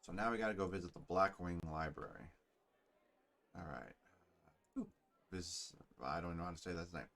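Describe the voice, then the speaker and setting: A man's voice: sits low, normal speed, gravelly, long pauses, a bit bright. A man casually commenting on and reading aloud from a game, rambling with fillers and self-corrections. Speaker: gamer playing and narrating.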